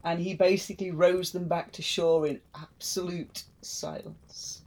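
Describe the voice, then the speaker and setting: A woman's voice: on the low side, fairly even intonation, a little slow, a little mellow, low-quality recording. A woman hosting a podcast, retelling a myth in a chatty, wry way. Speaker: podcast host.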